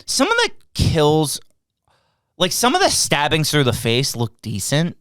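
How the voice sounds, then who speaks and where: A podcast co-host recaps a film in casual chat, sounding exasperated and sarcastic. His voice is on the high side, a bit bright, clear and resonant, with huge pitch swings and an unhurried pace. The sound is clean studio audio with no echo.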